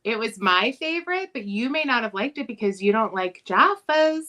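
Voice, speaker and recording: A woman's voice: a little high, expressive, moderate pace, pushed and bright. A woman hosting a casual livestream chat, teasing her co-host and greeting viewers by name.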